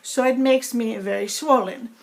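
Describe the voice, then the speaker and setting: A woman with a foreign-sounding accent, talking in a personal vlog in a halting way, with many pauses and fillers. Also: on the high side, vocal fry, darkish tone. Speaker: vlogger.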